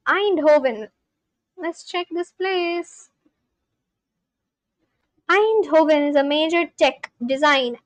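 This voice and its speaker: High-voiced chatty woman streamer. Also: no echo, rough recording. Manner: chatty, reads viewer comments aloud and asks them questions. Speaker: live-streamer learning a language. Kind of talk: casual live-stream chat.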